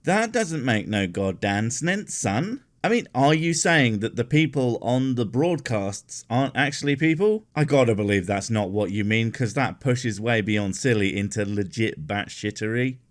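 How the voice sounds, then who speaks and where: A man's voice: medium pitch, animated, normal speed, hardly any pauses. A man giving sarcastic, profane reaction commentary as the host of the show.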